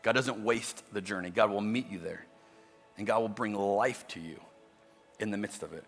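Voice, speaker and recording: Male pastor, bright forceful tone, conversational sermon in a reverberant church hall. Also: fairly low pitch, moderate pace, soft background music. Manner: conversational, acts out imagined voices. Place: church auditorium.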